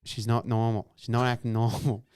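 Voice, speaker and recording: A man's voice: medium pitch, flat delivery, fairly quick, a little mellow, clear, resonant tone, no echo. A man, co-hosting a podcast and telling stories in a laid-back, swearing, casual way. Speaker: podcast co-host. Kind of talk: casual chat.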